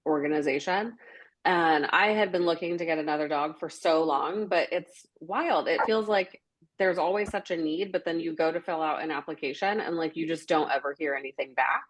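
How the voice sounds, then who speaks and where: A woman's voice: deep voice, normal speed. A woman podcast host, chatting casually with many fillers and frequent laughs. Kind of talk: casual chat.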